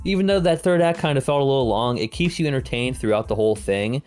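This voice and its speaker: Give me a man co-hosting a movie podcast, loose and rambling, with soft music under him. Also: medium pitch, lively intonation, fast. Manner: rambling, filler-heavy and profane. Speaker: podcast co-host reviewing films. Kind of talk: casual chat.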